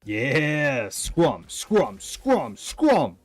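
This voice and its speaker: A man streaming a video game, reacting in blunt, excitable commentary. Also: mid-range voice, very slow, dry recording, faint music behind. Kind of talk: casual gaming commentary.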